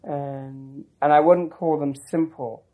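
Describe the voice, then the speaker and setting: A man's voice: fairly high pitch, fairly even intonation, takes it slowly, narrow, tinny audio. Man rambling through a reflective memory. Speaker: interviewee. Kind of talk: oral history storytelling.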